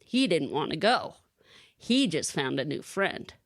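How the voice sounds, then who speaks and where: A woman co-hosting a podcast, telling a lively personal story in casual chat and laughing often. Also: low-pitched, unhurried, no room sound, studio quality. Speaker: podcast co-host.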